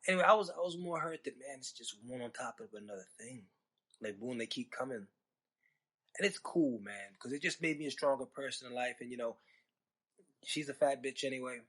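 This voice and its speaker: A man's voice: medium pitch, a little fast, fairly bright tone, husky. A man hosting a storytelling podcast, talking in a rambling, conversational way with sarcastic asides. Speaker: podcast host. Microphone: podcast microphone.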